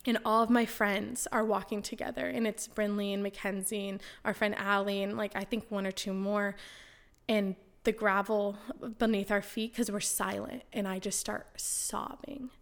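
A woman's voice: mid-range voice, level tone, normal speed. Young woman, podcast guest, casual storyteller who acts out quotes and speaks earnestly about faith. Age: young adult. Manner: chatty, full of "like" and acted-out quotes.

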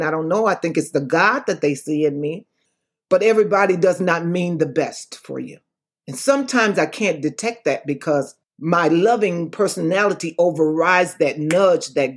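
A woman evangelist giving impassioned personal testimony, emphatic and preacher-like, repeating phrases for effect. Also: lowish voice. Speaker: evangelist and author guest.

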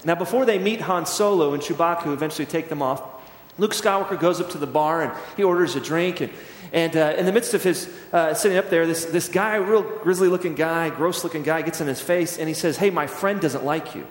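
In an echoey church sanctuary, a middle-aged pastor preaches a sermon, telling stories conversationally and acting out the scenes. His voice is fairly high and fairly quick, with few pauses.

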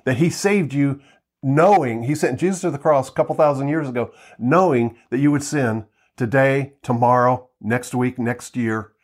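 A man giving an earnest Bible teaching, slowing down to read verses and often repeating words as he talks. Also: mid-range voice. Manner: earnest, reads scripture slowly, repeats words. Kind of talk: teaching sermon. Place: at home, seated with Bible on lap.

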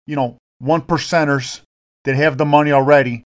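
A man's voice: on the high side, fairly even intonation, moderate pace. A man co-hosting a casual chat, slangy and agreeable. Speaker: podcast co-host.

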